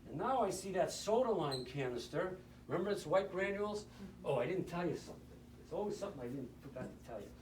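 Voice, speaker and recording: A man's voice: high-pitched, lively intonation, fast, darkish tone, a little hiss or hum. Joking male lecturer quizzing his class. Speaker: anesthesiologist teaching nurses. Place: lecture room. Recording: roomy hall, mic at a distance.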